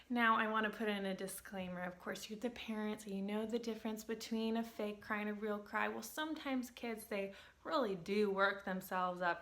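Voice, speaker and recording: A woman in her thirties, a speech therapist, talks parents through tantrum tips with an upbeat, conversational ease. Her tone is bright and forward, and she keeps checking in with the viewer. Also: medium pitch. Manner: upbeat, chatty, often checks in with "okay?". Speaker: speech-language pathologist.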